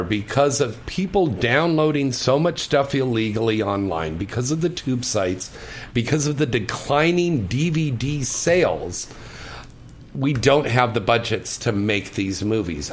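A man's voice: mid-range voice, a little hiss or hum. A middle-aged man hosting a radio talk show, joking crudely and chatting casually. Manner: crude, boastful banter.

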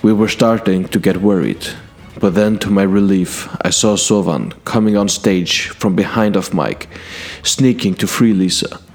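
A man telling a fantasy adventure in character, recounting past deeds to a king in a measured, earnest first-person way. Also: low-pitched, darkish tone, soft background music. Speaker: storyteller.

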